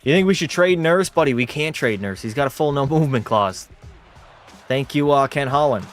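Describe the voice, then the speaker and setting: A man's voice: medium pitch, expressive, normal speed, soft background music. A man hosting a livestream watch party, giving casual commentary and joking, swearing, and bantering with his chat. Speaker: livestream host.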